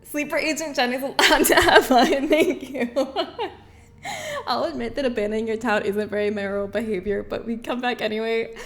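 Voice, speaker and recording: A woman streamer with a high, bright voice talks casually with her live chat. She is bubbly and chatty, laughing often as she reads messages aloud. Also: steady tone, moderate pace.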